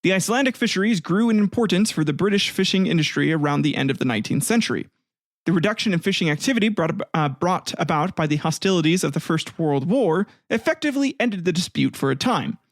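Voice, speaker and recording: High-voiced, profane podcast host. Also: male voice, lively intonation, fast, no echo, studio quality. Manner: profane, rambling, laughs often, acts out voices. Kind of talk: casual comedic history podcast.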